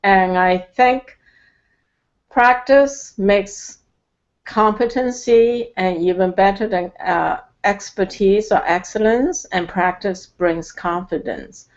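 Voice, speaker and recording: Slow, halting woman with dull audio. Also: medium pitch. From Canada. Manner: halting, many fillers, slow and careful. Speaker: guest. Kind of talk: casual chat.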